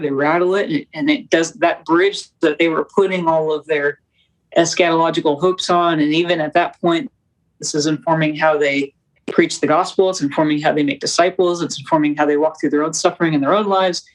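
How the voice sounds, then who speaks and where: A young woman, a documentary producer, talking as a guest in an interview, with fast, animated, preacherly storytelling. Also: sits low, poor audio. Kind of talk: conversational interview.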